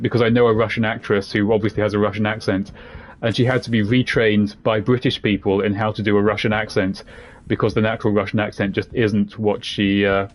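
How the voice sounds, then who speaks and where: A man giving casual, jokey commentary while playing a video game, rambling between asides. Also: fairly low pitch. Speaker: game streamer. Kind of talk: casual let's-play commentary.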